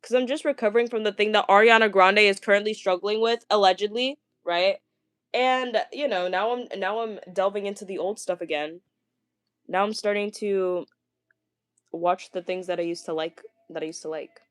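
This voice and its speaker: A woman's voice: medium pitch, steady tone, normal speed, clean tone, no echo. Stuttery chatty girl vlogger, lots of ums, gushy, dry close sound. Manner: stumbling, stuttering, many fillers; chatty, gushing. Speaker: vlogger reading viewer comments. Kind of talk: casual livestream chat.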